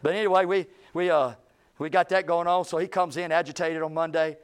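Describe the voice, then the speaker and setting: This pastor's voice sits on the high side, and his delivery is brisk, clear, and resonant. Relating a story in his sermon, he animatedly voices the people he quotes, building in intensity as he goes.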